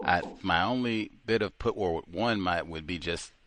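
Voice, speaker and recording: A man with a very low, deep voice hosts a radio interview. He talks emphatically and animatedly, with frequent laughter. The sound is dry and close to the mic. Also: moderate pace, a bit bright, dry recording. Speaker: radio host. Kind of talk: call-in interview talk.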